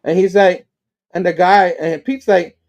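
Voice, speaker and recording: A man's voice: high voice, steady tone, measured pace, a little mellow, dull audio. A male host casually recapping a comic book, chuckling as he tells the story.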